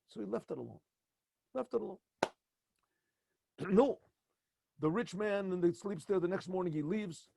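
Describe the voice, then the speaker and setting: A man, a rabbi, telling a story in an animated way, often stumbling and repeating words. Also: sits high, normal speed, gravelly, long pauses. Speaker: rabbi teaching at a yeshiva.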